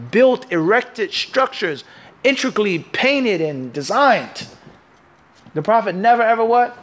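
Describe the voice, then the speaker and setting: A man with a high voice teaches a hadith class. He talks in emphatic bursts and keeps his students engaged with call-and-response questions, leaving a gap for them to finish each point. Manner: emphatic, punchy delivery. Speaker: Islamic teacher.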